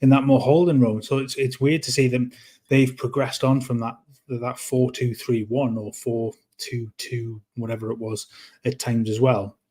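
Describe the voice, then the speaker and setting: Man, podcast co-host, casual football chat, halting, restarts. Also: mid-range voice, level tone, mellow. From North East England. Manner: halting, many restarts and repeated words.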